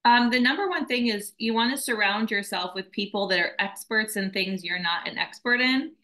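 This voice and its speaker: A woman's voice: medium pitch, normal speed, rough recording. A woman founder of a nonprofit, talking earnestly and emotionally in a casual interview. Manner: earnest, emotional, warm storytelling.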